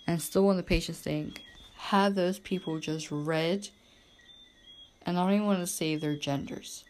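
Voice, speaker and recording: A woman's voice: fairly low pitch, a little mellow, a little hiss or hum. A woman from Bermuda, hosting a podcast in a rambling, emphatic casual monologue. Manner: rambling and emphatic, heavy use of "like" and "literally". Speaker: podcast host.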